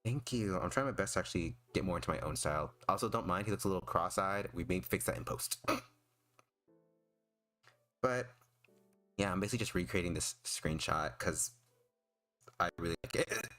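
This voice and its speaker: A young man streaming as a VTuber, chatting casually while drawing, with vocal fry and a rambling, hesitant way of talking full of fillers and restarts. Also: low-pitched, expressive, moderate pace, long pauses, a bit bright, soft background music.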